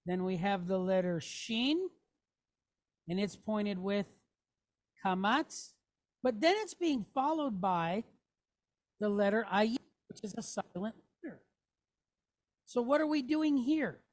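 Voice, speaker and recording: A woman's voice: mid-range voice, lively intonation, slow pace, long pauses, darkish tone. A woman teaching a classroom lesson, patiently walking through letters and checking in with her students. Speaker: Hebrew teacher.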